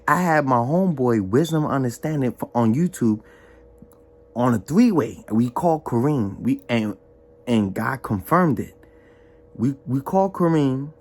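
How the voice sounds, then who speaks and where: Animated man, lively swooping pitch. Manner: animated and emphatic, repeats himself, slangy; drops low and quiet when reflecting. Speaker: vlogger giving a church testimony. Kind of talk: casual spoken testimony.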